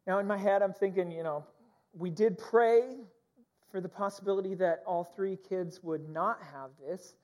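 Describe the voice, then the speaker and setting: A man's voice: sits high, moderate pace, darkish tone. Brief: male pastor, conversational sermon delivery, personal storytelling style with plenty of uhs and ums. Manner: candid, personal storytelling with frequent fillers.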